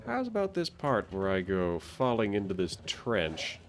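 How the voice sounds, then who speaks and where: A male streamer chats casually as he plays, musing in a wry, conversational way. His voice is low but lively in pitch, bouncing as he talks. A faint ambient hiss sits under the stream. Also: unhurried. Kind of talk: casual gameplay commentary.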